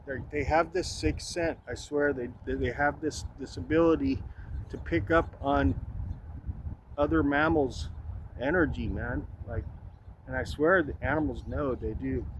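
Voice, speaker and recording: A man's voice: a little high, slight background noise, low-quality recording. A man talking casually on a walk through a city park, rambling through a story and tossing in "man" and "right?" as he goes. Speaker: vlogger. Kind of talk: casual walk-and-talk vlog.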